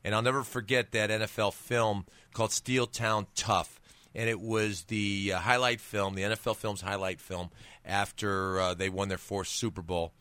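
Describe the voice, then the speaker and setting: A man's voice: lowish voice, moderate pace, no echo. A man, a former pro football player, telling stories as a guest on an interview show, with many restarts. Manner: animated storyteller with many restarts. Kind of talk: casual storytelling interview.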